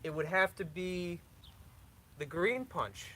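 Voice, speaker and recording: A man's voice: high-pitched, animated, slow pace, sharp tone. A young man hosting a casual live stream, answering viewer questions in a loose, rambling way with lots of restarts.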